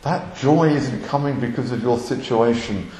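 A man's voice: medium pitch, normal speed, a little mellow. A man preaching with fervor, his voice climbing to emphatic peaks before settling back. He speaks in a middle register. The sound carries a noticeable room echo, as if he is in a reverberant space. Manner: impassioned, rising to emphatic peaks. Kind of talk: sermon. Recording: echoey room.

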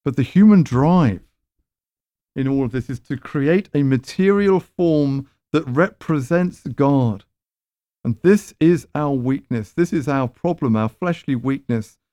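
A man's voice: medium pitch, expressive, unhurried, mellow, no echo. A man preaching a sermon in a conversational, emphatic way, with rhetorical questions.

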